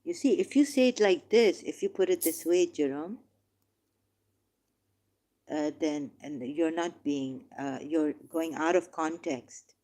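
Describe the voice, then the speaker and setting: A woman's voice: low-pitched, unhurried, mellow. A woman in a heated religious debate who reads verses aloud and insistently corrects the other speaker. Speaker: debate participant.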